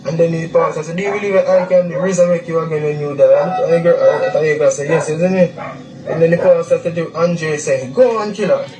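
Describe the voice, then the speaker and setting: A young man with a Jamaican Patois accent, giving a halting, repetitive eyewitness account, recorded in a distant, echoey, noisy clip. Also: fairly high pitch, fairly even intonation, a crowd in the background. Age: young adult. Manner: halting, repeats himself, acts out quotes. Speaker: witness interviewee.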